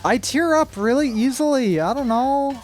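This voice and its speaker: A woman's voice: sits high, expressive, normal speed, a little mellow, soft background music. A woman streamer chatting casually with her viewers while gaming, rambling and emotional, with sudden frustrated outbursts.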